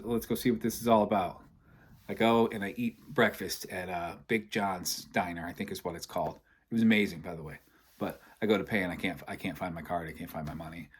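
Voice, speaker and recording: A young man from Michigan telling a long story in a casual, animated way, acting out both sides of the conversations. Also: deep voice, breathy edge.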